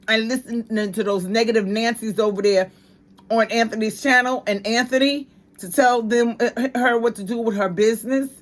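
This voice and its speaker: Opinionated New woman ranting. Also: on the high side. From New York. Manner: emphatic, slangy, ranting. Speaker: commentary channel host. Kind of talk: opinionated commentary.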